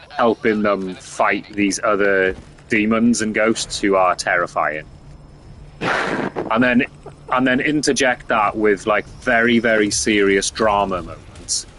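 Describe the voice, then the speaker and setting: A man's voice: fairly low pitch, a bit bright, a little hiss or hum. A young man streaming a game, chatting casually with lots of fillers and swearing. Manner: rambling, sweary, filler-heavy. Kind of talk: casual chat.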